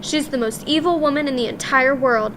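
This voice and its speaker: A woman's voice: high voice, brisk, noisy background, lightly acted. A woman voicing a loving, worried old grandmother who speaks tenderly. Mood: grave. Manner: warm, doting and tender.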